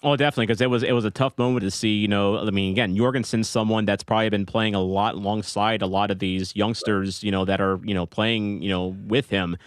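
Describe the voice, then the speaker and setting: Low-voiced guy recapping a soccer game on a podcast, lots of "you know", dry close sound. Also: steady tone, fast, hardly any pauses, clear, resonant tone, no echo. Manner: enthusiastic play-by-play recap, many fillers. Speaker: podcast co-host. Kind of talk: casual sports podcast chat.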